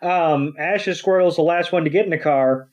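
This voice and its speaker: A man retelling a cartoon episode for a podcast, rambling and animated as he goes. His voice sits a little high. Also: moderate pace. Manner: rambling, many fillers and restarts, animated retelling. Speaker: podcast co-host. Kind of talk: casual episode recap.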